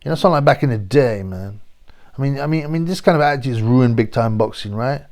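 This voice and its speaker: Gravelly blunt London man ranting. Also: mid-range voice, lively intonation, fast talker, a little mellow. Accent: London English. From England. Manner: rambling, blunt, full of slang and asides. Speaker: boxing channel host. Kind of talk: casual opinionated monologue.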